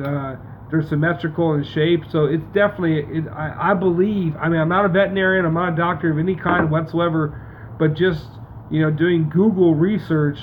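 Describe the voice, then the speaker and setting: A man hosting a call-in show, talking in a rambling, emotional way with many fillers. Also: on the high side. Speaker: show host. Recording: tinny phone-line sound, faint noise.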